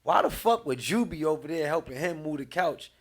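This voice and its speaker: Male podcast guest, higher-pitched, loose and profane, laughs through his stories. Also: animated, fairly quick. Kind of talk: casual smoke-session chat.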